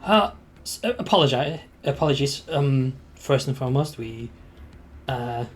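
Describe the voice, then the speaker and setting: A man voicing a weary, polite male tiefling leader in a tabletop game, halting and apologetic. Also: medium pitch, lively intonation, lightly acted.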